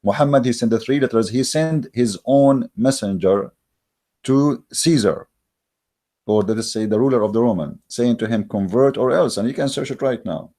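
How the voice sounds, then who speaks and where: A man's voice: mid-range voice, normal speed, dark tone. A man hosting his channel with a religious debate monologue, speaking in an emphatic, mocking way with frequent hesitations. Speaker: channel host. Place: Germany.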